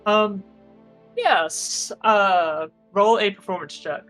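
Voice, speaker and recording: A man's voice: high-pitched, takes it slowly, a bit bright, faint music behind, poor audio. A man acting as game master in a tabletop game, talking casually with lots of hesitant fillers.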